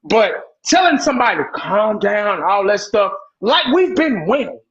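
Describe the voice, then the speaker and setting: A man's voice: sits high, very animated, moderate pace, a bit bright. A man on a sports talk panel, rambling and impassioned, cursing and repeating his points. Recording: dull lo-fi call audio.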